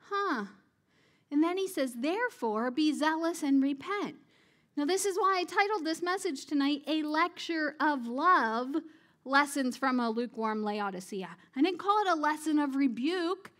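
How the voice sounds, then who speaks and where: High-voiced woman preaching conversationally. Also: expressive, moderate pace, fairly bright tone. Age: adult parent. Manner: conversational, asks the audience questions; laughing at her own jokes. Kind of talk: sermon.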